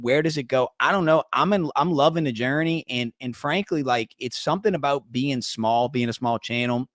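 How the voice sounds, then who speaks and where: A laid-back man hosting a live chat show, with a middle-pitched voice. He chats loosely with his viewers in the chat, and his voice sounds dry and close. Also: no room sound. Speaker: host. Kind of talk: casual livestream talk.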